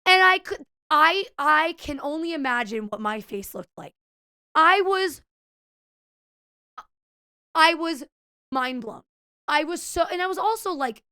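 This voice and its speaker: A young adult woman streamer chatting casually with viewers, telling a story with lots of swearing, quoting herself in a lively way, with a slight stutter. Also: high-pitched, no room sound, clean studio sound.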